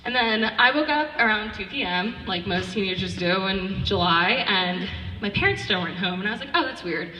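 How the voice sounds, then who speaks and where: A teenage girl tells a personal story in a loose, chatty way, filling it with "like" and acted-out quotes. Her voice is bright and clear. She is recorded from a distance in a large hall with a long echo. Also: mid-range voice, expressive, moderate pace, soft background music. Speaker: student speaker at a charity event.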